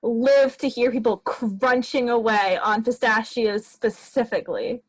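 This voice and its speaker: Joking woman, higher voice, close dry mic, video call chat. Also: fairly even intonation, a little slow, breathy edge, no echo, poor audio. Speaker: player who also runs games. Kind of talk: casual chat before a tabletop game.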